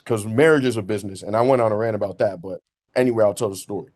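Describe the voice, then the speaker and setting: A man, a podcast host telling a long story in casual, slangy, animated chat. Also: fairly low pitch, racing. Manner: animated, slangy, laughs through his story.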